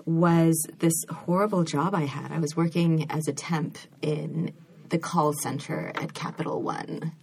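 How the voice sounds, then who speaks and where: A woman's voice: low-pitched, steady tone, unhurried, gravelly, darkish tone, breathy edge. An American woman, a novelist, chatting as a guest in an interview with frequent ums and restarts. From United States. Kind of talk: casual interview chat.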